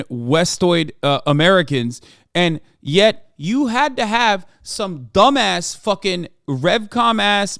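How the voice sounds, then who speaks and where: Profane, ranting streamer man with a crisp voice. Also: no echo, studio quality. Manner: profane, sarcastic, heated; shouts and raises pitch when ranting. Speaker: livestream host reacting to chat. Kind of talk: casual livestream rant.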